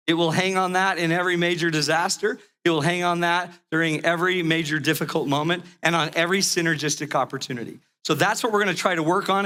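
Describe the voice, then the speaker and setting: High, bright-voiced animated male speaker. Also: slight background noise. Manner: animated storyteller, acts out family dialogue, laughs at himself. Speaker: relationship educator giving a talk. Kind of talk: energetic stage talk with a funny story.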